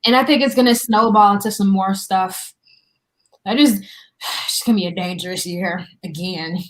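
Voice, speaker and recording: A woman's voice: mid-range voice, moderate pace. A woman talking frankly in a casual group discussion over a video call, swearing freely. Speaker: panelist.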